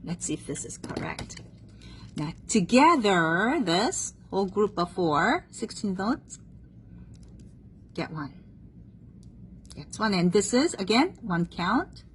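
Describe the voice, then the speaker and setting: A woman's voice: mid-range voice, big pitch swings, slow pace, pauses often, slight background noise, rough recording. A woman teaching a one-on-one music theory lesson, patient and checking understanding often, having the student repeat terms after her.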